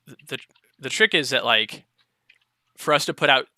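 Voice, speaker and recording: A man hosting a podcast, chatting casually and reading out listener letters, often trailing off quietly at the ends of phrases. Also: medium pitch, lively intonation, moderate pace, no room sound. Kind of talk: casual chat.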